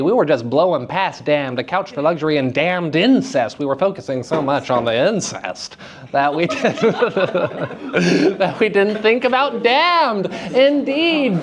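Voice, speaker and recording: A man lecturing acting students at a school workshop, animated and playful, leading them in call-and-response drills. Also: high-pitched. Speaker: acting teacher. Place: school theater festival workshop room.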